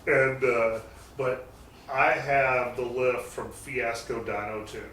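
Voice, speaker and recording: A man's voice: medium pitch, little pitch movement, slow pace, a bit bright, far from the mic. A man tells loose, meandering stories about his shop, dropping the occasional curse word. He sits some way from the mic in a roomy garage that echoes noticeably, and a faint noise hums underneath. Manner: rambling anecdotes with mild swearing. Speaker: guest, garage shop owner. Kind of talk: casual storytelling chat.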